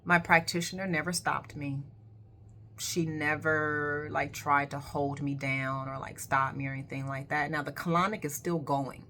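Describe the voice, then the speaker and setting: A woman's voice: deep voice, level tone, moderate pace, bright, forceful tone, a little hiss or hum. A woman who works as a colon hydrotherapist, telling a personal story in a candid, emphatic way and swearing casually.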